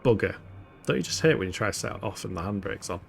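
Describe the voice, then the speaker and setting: A man's voice: on the low side, fast, gravelly. A man giving chatty live commentary as he streams a game, often swearing, laughing and poking fun at himself. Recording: game music playing underneath. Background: game music.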